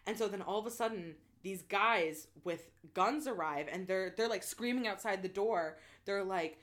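A woman's voice: mid-range voice, normal speed. A young woman casually and animatedly retelling a book's plot, full of "like" fillers and swearing. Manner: animated, chatty, heavy use of "like" and swearing. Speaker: book fan retelling a plot. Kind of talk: casual chat.

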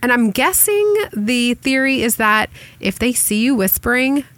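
A middle-aged woman hosting a casual parenting chat, chatty and practical with quick asides. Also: fairly high pitch, fairly bright tone, no room sound. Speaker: podcast host.

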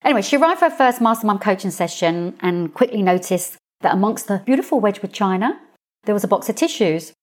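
A woman hosting her own podcast as a coach, talking straight to listeners with expressive, playful storytelling. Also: mid-range voice, brisk. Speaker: podcast host, coach and hypnotherapist. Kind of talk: solo podcast monologue.

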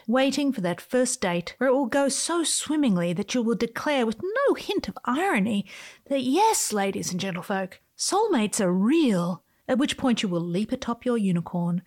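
Lady hosting her own podcast, reading a silly script, voice jumps way up and down. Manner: whimsical, theatrical, with sudden swoops in pitch. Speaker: podcast host. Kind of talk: playful scripted monologue and reading.

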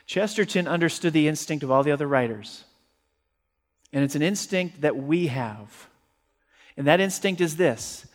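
Man, pastor, sermon, emphatic, higher voice, long reverb, church sanctuary. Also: normal speed. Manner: emphatic, rising to forceful peaks and dropping low.

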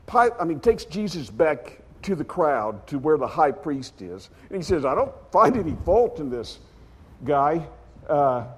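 A man preaching a sermon as a dramatic story, acting out the characters with sudden loud outbursts. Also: on the high side, in a large hall.

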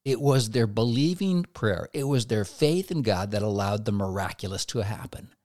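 Male preacher, sermon, animated pitch, rhetorical questions to the listener, dry close sound. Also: normal speed, dry recording. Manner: expressive, swings between loud emphasis and soft low asides. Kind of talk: devotional sermon.

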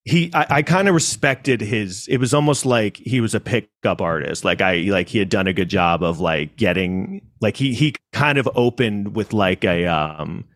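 A man telling a rambling story in casual podcast chat, acting out what people said with sudden jumps in pitch. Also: moderate pace, few pauses, a bit bright, no room sound, clean studio sound. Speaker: podcast host.

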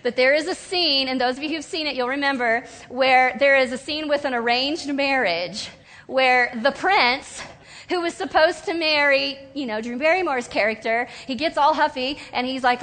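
A woman preaching a sermon in an animated way, acting out whiny voices and sobs now and then. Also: sits high, moderate pace. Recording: long hall reverb.

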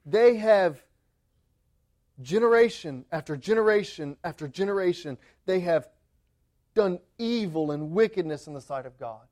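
A man with a high voice preaches a sermon with fervent emphasis. He restarts phrases and climbs to impassioned peaks. Middle-aged pastor. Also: lively intonation, a little slow, darkish tone.

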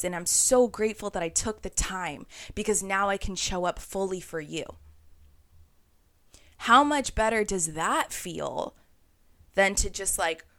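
A woman's voice: medium pitch, a bit bright, dry recording. A young woman hosting a spiritual podcast, talking in an earnest, conversational way and acting out inner voices. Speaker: podcast host.

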